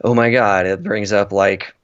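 A low-pitched man talks through a film in an easygoing, rambling way, stopping often for ums and restarting his sentences. The sound is dry and a little dull, as though recorded close to the mic in a small space. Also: fairly even intonation, moderate pace, fairly bright tone, dry recording. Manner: rambling, many fillers and restarts. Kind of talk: casual film discussion.

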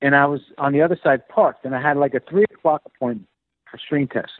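A man telling an animated, filler-heavy story about his acting career, slipping into the voices of the people he quotes. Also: mid-range voice, quick pace, dry recording. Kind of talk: casual storytelling interview. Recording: dry, phone-like narrow sound.

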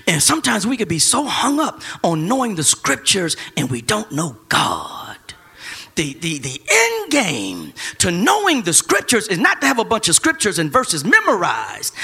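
A man preaching a sermon, building from quiet reading to shouted, drawn-out emphasis. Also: sits high, huge pitch swings, husky. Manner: rising to shouted call-and-response cadence, drawn-out emphasis.

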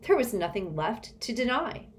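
A woman narrating an audiobook in a measured, expressive storytelling manner. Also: on the high side, slight background noise.

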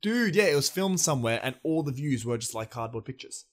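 Fast-talking young Australian man. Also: mid-range voice, animated. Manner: casual, swears, quick to agree. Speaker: podcast co-host. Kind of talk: casual chat.

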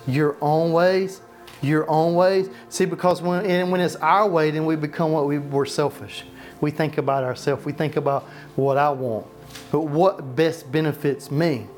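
Passionate pastor preaching. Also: male voice, fairly high pitch, fairly even intonation, normal speed, faint music behind. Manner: passionate, repetitive restarts, rhetorical questions. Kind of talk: sermon. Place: church.

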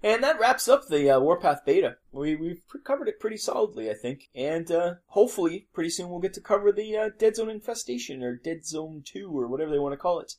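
A man's voice: high-pitched, lively intonation, fairly quick, hardly any pauses, darkish tone. A man co-hosting a gaming podcast in casual, jokey chat. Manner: jokey, laughs easily. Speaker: podcast co-host.

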